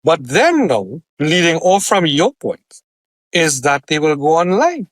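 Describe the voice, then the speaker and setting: Slightly slow and fairly high-pitched, this man co-hosting a casual podcast tells an animated story, voicing characters and laughing frequently, with no echo in the sound.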